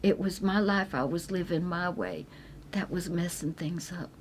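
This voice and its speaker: A middle-aged woman sharing a personal faith testimony, earnest and tender, and sometimes dropping to a soft whisper. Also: lowish voice, normal speed, a little hiss or hum. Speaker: Christian speaker sharing her testimony.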